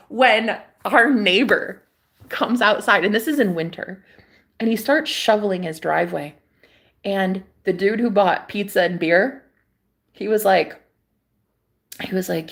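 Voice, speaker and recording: A woman's voice: medium pitch, measured pace, a bit bright. Rambling, laughing woman vlogger. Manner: rambling, laughs often, swears freely. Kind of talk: casual storytelling to camera. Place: at a table at home.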